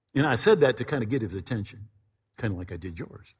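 A man's voice: mid-range voice, lively intonation, fairly quick, slightly rough. A man pastor delivering a sermon in a conversational preaching style, often repeating words as he goes. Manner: conversational preaching with frequent word repetitions. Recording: reverberant hall.

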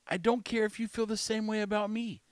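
Blunt, sarcastic man, opinion monologue, fairly high voice, dry close sound. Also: little pitch movement, brisk, smooth, no room sound.

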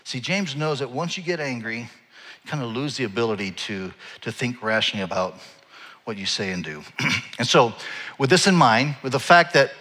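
A man in his forties preaching a sermon, telling a personal story in a conversational way that swings from quiet asides to loud, animated bursts. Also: mid-range voice, normal speed, big-room sound. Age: 40s. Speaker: pastor.

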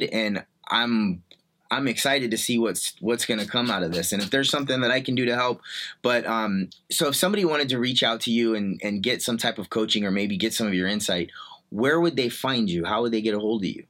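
A man hosting a podcast with a bright, forward voice. He asks his guest questions in a warm-hearted, encouraging way, keeping the chat loose and casual. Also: medium pitch. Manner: encouraging, friendly interviewer. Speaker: podcast host. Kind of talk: casual interview.

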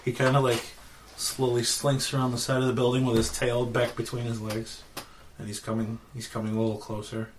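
A man's voice: mid-range voice, completely flat delivery, a little fast, slight background noise. A man narrating as game master, loose and hesitant, full of filler words.

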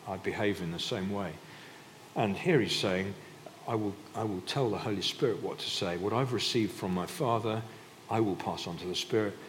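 A man's voice: fairly low pitch, normal speed. A man preaching a sermon in a conversational way, often restarting his sentences. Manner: conversational, with frequent restarts and filler. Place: church hall. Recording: reverberant hall, faint background noise.

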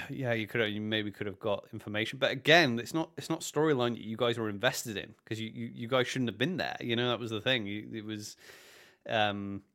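A man's voice: on the low side, brisk. A British man co-hosting a podcast, telling game stories in casual chat and acting out what others said. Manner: animated storytelling, acts out quoted characters, frequent restarts. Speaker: podcast co-host. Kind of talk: casual chat recapping a live-action role-play event.

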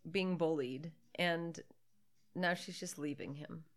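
A woman's voice: sits low, slow pace. A woman co-hosting a podcast, chatting casually and sarcastically about a movie, laughing often. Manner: giggly, sarcastic, riffing with frequent laughs. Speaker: podcast co-host. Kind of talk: casual movie commentary chat.

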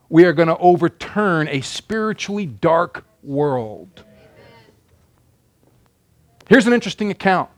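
A man preaching a sermon. He moves from loud, emphatic declarations to quiet asides. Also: high voice. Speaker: pastor.

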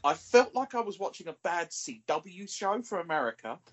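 Husky, animated man ranting. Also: high-pitched, normal speed. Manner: exasperated ranting critique. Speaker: podcast reviewer. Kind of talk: casual chat.

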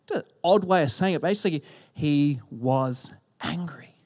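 A man preaching a sermon in a church, animated and shifting between loud emphasis and hushed whispers, speaking into a handheld microphone. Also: on the high side, moderate pace, breathy edge. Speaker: pastor. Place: church hall.

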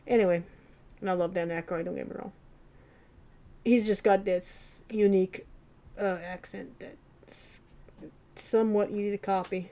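A woman hosting a solo podcast, talking in a rambling, self-deprecating, soft-spoken way. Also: mid-range voice. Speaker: podcast host. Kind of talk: casual solo podcast monologue.

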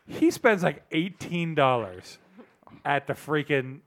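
A man's voice: on the high side, animated, takes it slowly, a bit bright. Rambling, storytelling podcast host man. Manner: rambling storyteller, acts out quoted people. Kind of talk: casual chat.

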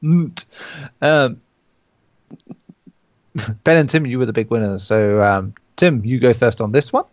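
A man's voice: medium pitch, animated, measured pace, no room sound, muffled recording. A man hosting a casual gaming podcast, joking, laughing and swearing a lot. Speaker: podcast host.

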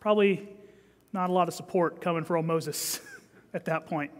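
High-voiced pastor preaching in a reverberant hall. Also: male voice, normal speed. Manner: lively preaching, swings from loud emphasis to hushed reading. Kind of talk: sermon.

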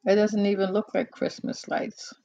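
A host of a live call-in talk show chatting casually into a close microphone, unhurried and musing, with many pauses and fillers. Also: medium pitch, completely flat delivery, warm tone, no echo, highs cut off.

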